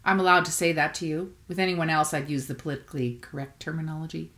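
A friendly, chatty woman dentist, as a woman reading a novella puts her on, talking steadily to a patient who cannot answer. Her voice sits low, and she keeps up an easy, teasing one-sided conversation in a storybook reading. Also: steady tone, fast talker, a bit bright. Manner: talkative, teasing.

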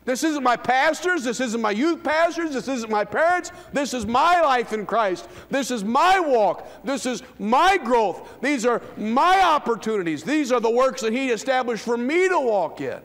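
Casting note: fifty-year-old male pastor, very high voice, preaching with big swings from quiet murmurs to ringing shouts. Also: very animated, moderate pace, few pauses. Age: 50s. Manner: swings from hushed low lines to loud high calls. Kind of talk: sermon. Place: church sanctuary. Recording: long hall reverb.

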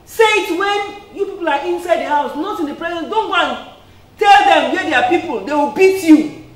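A woman's voice: extremely high pitch, lively intonation, moderate pace. A woman preacher giving an earnest sermon, peppered with "amen" and "praise the Lord". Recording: echoey room, distant mic.

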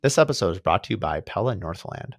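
A man hosting a building podcast, asking brisk questions and reading a sponsor message. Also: low voice, animated, creaky. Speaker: podcast host, home builder. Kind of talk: conversational interview, ad read.

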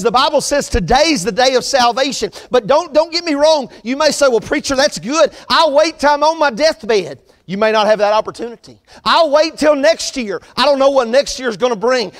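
A man preaching an earnest sermon as pastor of his church, repeating his points in a steady preaching cadence. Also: extremely high pitch, big-room sound. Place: church sanctuary.

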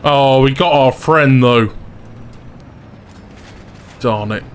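A young man giving gameplay commentary, excitable and breaking into loud laughing fits. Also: medium pitch, extremely slow, a little hiss or hum. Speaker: gaming YouTuber.

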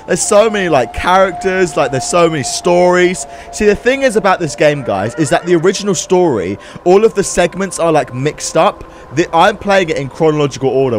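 A young man, reacting loudly and swearing while narrating a video game. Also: a little high. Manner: excitable, swears, mock accents. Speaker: gaming YouTuber. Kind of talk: let's play commentary.

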